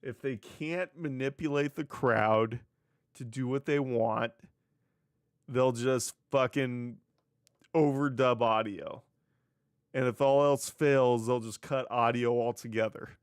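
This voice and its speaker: Slow, sarcastic man doing wrestling commentary. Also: mid-range voice, fairly even intonation, clean tone, no echo, studio quality. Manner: sarcastic, swears freely. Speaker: wrestling news podcast host. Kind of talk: casual solo commentary.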